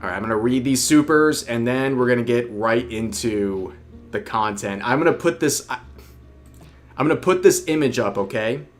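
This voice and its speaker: Young guy streaming, just chatting and reading super chats out loud, repeats himself a lot, mid pitch, soft music behind. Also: normal speed. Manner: chatty, repeats phrases, reads donor messages aloud. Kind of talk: casual livestream chat.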